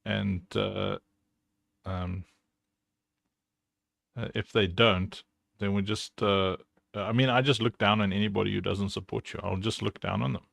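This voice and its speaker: Slow, gravelly-voiced male stream host. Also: fairly low pitch, steady tone, a bit bright, no echo, clean studio sound. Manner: rambling, joking, lots of fillers. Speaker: livestream host. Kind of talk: casual livestream chat.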